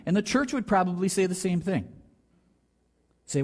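A man preaching a sermon, talking through a Bible story and acting out the quoted lines with a lifted, louder voice. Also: moderate pace, pauses often. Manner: animated preaching, acts out quotes with rising pitch. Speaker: pastor.

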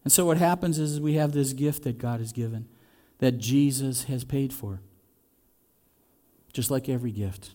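A man preaching a sermon in a conversational way, asking the congregation questions and swinging between loud and soft. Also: medium pitch, moderate pace. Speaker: pastor.

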